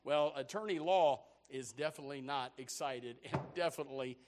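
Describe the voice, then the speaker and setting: A man's voice: medium pitch, brisk. A man preaching a sermon as a folksy story, with many repeated restarts.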